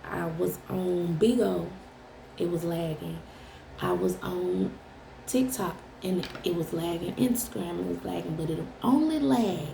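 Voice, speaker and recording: A woman's voice: lowish voice, animated, a little slow, creaky, roomy sound, noisy background. A woman tarot reader talking straight to her viewers in a blunt, profane, teasing way. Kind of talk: casual direct-to-camera chat.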